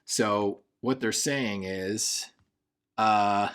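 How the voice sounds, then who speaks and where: A man tutoring for a test, reading passages quickly and then musing half to himself as he works through the answer choices. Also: fairly low pitch, a bit bright, clean tone. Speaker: SAT tutor. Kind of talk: thinking aloud while solving test questions.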